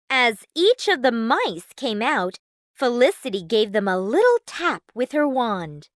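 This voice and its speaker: A woman reading a children's storybook aloud in a clear, measured, expressive way. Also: a little high, no room sound, studio quality.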